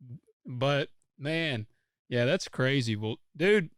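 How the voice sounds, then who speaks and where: Male host, casual chat, mid pitch, dry room. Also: animated, slow, no room sound. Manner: easygoing, laughs along. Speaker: podcast host.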